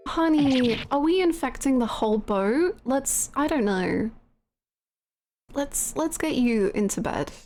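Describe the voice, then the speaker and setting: A woman's voice: sits high, animated, takes it slowly, darkish tone, slight background noise. A woman streamer giving playful, giggly, exclamatory commentary on a live game playthrough. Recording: game music under the voice. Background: game music.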